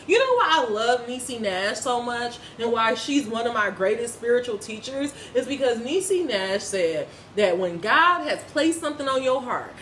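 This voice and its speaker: A woman's voice: sits high, a bit bright, a little hiss or hum. Woman spiritual reader, vlog style, profane and preachy, echoey room with faint ambience behind. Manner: blunt, profane, preachy ranting. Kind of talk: casual spiritual reading vlog.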